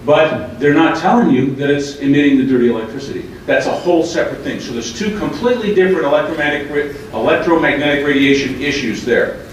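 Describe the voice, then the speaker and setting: A man's voice: on the high side, fast. Emphatic man speaking in an echoey hall. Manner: emphatic, argumentative. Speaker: public speaker. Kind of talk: talk to a live audience. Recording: echoey hall, mic far off, faint noise.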